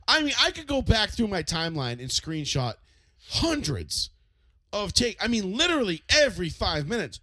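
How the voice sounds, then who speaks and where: A man's voice: high voice, sing-song, normal speed, pushed and bright, no echo. A man co-hosting a podcast, ranting animatedly and profanely in casual sports chat. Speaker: podcast co-host.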